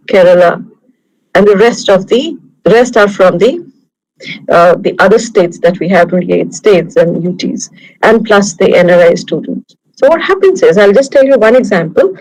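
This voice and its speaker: A woman with an Indian English accent speaks at a middling pitch, teaching an online class. She talks in a conversational, anecdotal way, building her points from everyday examples. She is heard over a video call. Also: darkish tone, low-quality recording. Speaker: guest lecturer. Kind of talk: online lecture.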